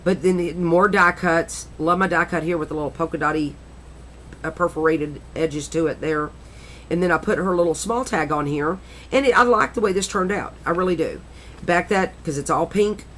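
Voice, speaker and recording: A woman's voice: on the low side, moderate pace, a bit bright, a little hiss or hum. A middle-aged woman chatting casually and rambling a little as she flips through a handmade craft journal, often correcting herself. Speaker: crafter showing her journal.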